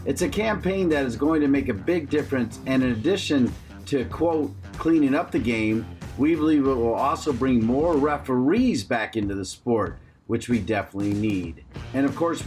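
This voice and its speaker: A man hosting a podcast, reading the show's opening in an upbeat, announcer-like way. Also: medium pitch. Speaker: podcast host. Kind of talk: scripted podcast intro.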